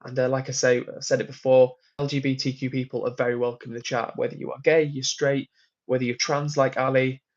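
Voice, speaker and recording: A man's voice: medium pitch, level tone, brisk, highs cut off. A man casually chatting on a livestream while away on a work trip, reading out viewer comments and laughing often. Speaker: livestream host. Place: hotel room on a work trip.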